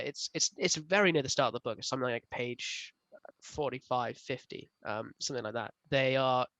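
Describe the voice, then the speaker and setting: A man co-hosting a casual book club review, talking in an animated way with frequent laughs. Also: mid-range voice, no echo, highs cut off. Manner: animated, laughs often, rises loud when ranting.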